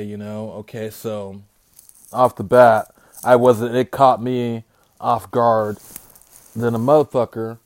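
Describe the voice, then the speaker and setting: A man talks alone into his podcast mic, rambling from one thought to the next and swearing freely. His voice sits at an ordinary middle pitch for a man. The delivery is candid and conversational. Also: darkish tone. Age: adult parent. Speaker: podcast host. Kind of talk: solo podcast monologue.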